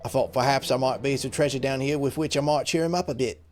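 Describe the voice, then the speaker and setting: A man's voice: medium pitch, fast, a little mellow, soft background music, close to an everyday voice. A man voicing a bumbling, apologetic male thief with a put-on British accent and mock-old-fashioned speech. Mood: contrite. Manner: mock-archaic, rambling.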